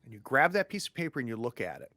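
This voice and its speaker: A man narrating a tabletop game as game master, animated and descriptive. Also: mid-range voice, very fast, no room sound.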